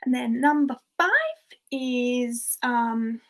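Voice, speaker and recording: A chatty young woman hosts a quiz over a livestream, her voice sitting a little high. She reads out answers casually, with small laughs and asides. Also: fairly even intonation, slow. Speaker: pub quiz host.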